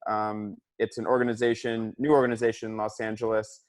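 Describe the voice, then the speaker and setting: A man's voice: on the low side, little pitch movement, brisk, dry recording. Easygoing man presenting on a dry call. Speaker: council member presenting. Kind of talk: casual meeting talk. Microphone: video call.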